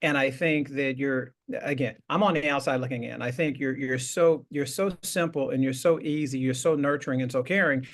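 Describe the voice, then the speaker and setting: A man's voice: medium pitch, moderate pace, hardly any pauses. A man hosting a casual interview, rambling with frequent restarts and laughter. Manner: rambling, warm praise with many restarts and laughs. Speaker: show host.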